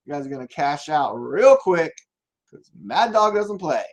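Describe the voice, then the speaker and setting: Brief: male podcast host, slightly high voice, crude and ranting, shouts at random. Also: very animated, measured pace. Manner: swearing, ranting, jumps to loud shouts. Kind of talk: live podcast rant.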